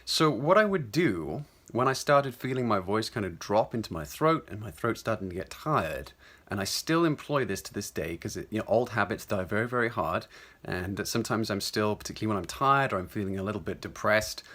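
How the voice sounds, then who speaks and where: A man with a standard English accent talks through a voice lesson in a conversational, explanatory way. His pitch sits somewhat low, and he often restarts a phrase or adds an aside mid-thought. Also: expressive, a little fast, fairly bright tone. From South Wales. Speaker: voice coach. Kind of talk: instructional talk to camera.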